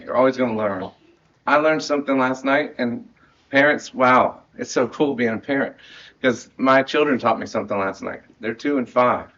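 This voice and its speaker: A man's voice: mid-range voice, a bit bright. Earnest man, dull lo-fi recording. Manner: rambling and earnest, with frequent laughs and restarts. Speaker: marching band director. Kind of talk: heartfelt end-of-season speech to students.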